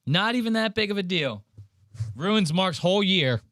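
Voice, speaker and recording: A man's voice: sits high, lively intonation, normal speed, a bit bright. A man hosting a podcast, casually reacting to a clip in a blunt, profane, mocking way. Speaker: podcast host.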